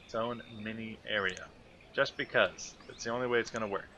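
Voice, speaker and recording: A man's voice: fairly low pitch, fairly even intonation, fairly quick, bright, forceful tone, a little hiss or hum. A man giving casual, thinking-aloud commentary while playing a city-building game. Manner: muttering to himself, thinking aloud. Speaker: gameplay commentator.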